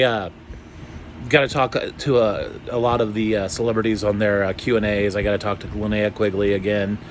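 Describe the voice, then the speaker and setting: A man chatting casually in a vlog, rambling and excitable, with lots of fillers and some swearing. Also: fairly low pitch, slight background noise. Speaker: YouTuber.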